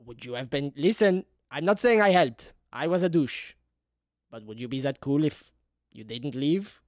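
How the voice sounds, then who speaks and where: A woman's voice: low voice, animated, normal speed, darkish tone, no echo, studio quality, pitched below the performer's own voice. A woman voicing a sheepish male chef and former womanizer who pleads and runs himself down in a tabletop game. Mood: pleading. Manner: pleading, self-deprecating.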